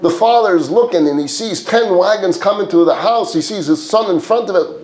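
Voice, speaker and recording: A man preaching as a rabbi, telling a story in an animated way and acting out its characters. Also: high voice, fairly quick, hardly any pauses. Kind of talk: storytelling sermon. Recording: roomy echo.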